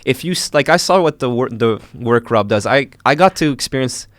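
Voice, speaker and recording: A young man from Canada, a filmmaker earnestly retelling his arrest with animated, emotional storytelling. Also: mid-range voice, brisk, dry recording. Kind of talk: emotional first-person storytelling.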